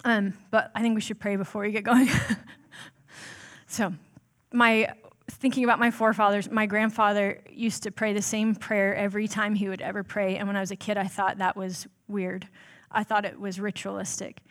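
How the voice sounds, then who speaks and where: A woman's voice: medium pitch, level tone, moderate pace. Chatty, self-deprecating woman preaching. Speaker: church staff member preaching. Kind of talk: conversational sermon.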